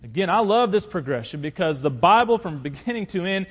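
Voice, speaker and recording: A male pastor preaching a sermon, swinging between loud emphatic appeals and quiet asides. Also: sits high, lively intonation, a little fast, hardly any pauses.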